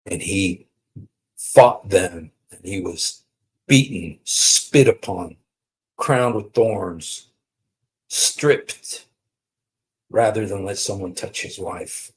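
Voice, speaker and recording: A man giving an emphatic, mocking polemical religious talk, swinging between loud and quiet. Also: low-pitched, drawn-out words, long pauses, husky. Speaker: preacher on a streamed show.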